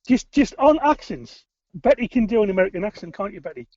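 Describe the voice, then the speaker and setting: A man's voice: high-pitched, very animated, fast, a little mellow, no echo, lo-fi sound. A young man, co-hosting a podcast and teasing his guest with local slang over a video call. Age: young adult. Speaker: podcast co-host. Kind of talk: casual video-call chat.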